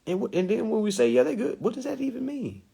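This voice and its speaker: Animated husky man preaching casually. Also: high-pitched, fast talker. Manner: preachy, animated, acts out quotes. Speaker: spiritual teacher. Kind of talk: casual livestream talk.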